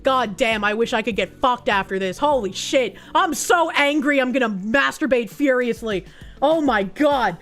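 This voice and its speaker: A woman's voice: on the high side, lively intonation, normal speed, a bit bright, faint music behind. A young woman streamer ranting angrily and profanely in casual livestream commentary, tired and worked up.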